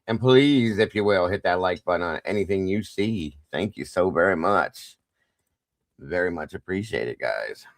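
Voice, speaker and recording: A man's voice: low-pitched, lively intonation, moderate pace, no echo, studio quality. A man hosting a casual livestream, greeting viewers one by one by name with playful sing-song asides. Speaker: livestream host.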